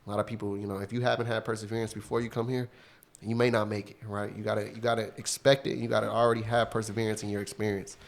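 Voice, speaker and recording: A man's voice: on the low side, little pitch movement, fast talker, vocal fry. A man talking as a guest on a podcast about sales, motivational and peppered with "you know" and "like". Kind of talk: casual podcast chat.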